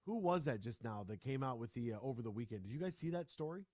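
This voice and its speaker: A man's voice: medium pitch, fast talker, dry recording, studio quality. A man hosting a sports radio talk show, chatting casually and ranting with lots of restarts. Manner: animated, ranting, full of restarts.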